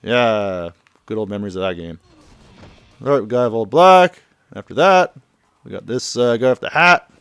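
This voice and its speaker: A man's voice: mid-range voice, animated, normal speed, pauses often, fairly bright tone, clean tone, no echo, faint music behind. A man giving offhand, rambling commentary over gameplay, translating the dialogue as he goes. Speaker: let's play commentator.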